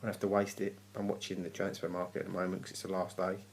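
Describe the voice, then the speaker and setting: A man's voice: deep voice, monotone, fast, gravelly, a little hiss or hum. A man giving a casual, grumpy TV review, ranting and swearing in exasperation. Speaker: TV review vlogger. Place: home at night.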